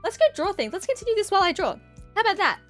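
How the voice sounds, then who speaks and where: Woman streamer, high and highly animated, giggly rambling live-stream chat. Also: rapid-fire, soft background music. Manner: rambling, giggly, playful tangents. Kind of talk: casual live-stream chat while drawing.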